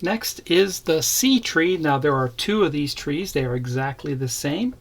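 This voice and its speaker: Gravelly-voiced man reviewing a model kit. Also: fairly high pitch, lively intonation. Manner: plain, unhurried, points out parts as he shows them. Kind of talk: casual unboxing narration.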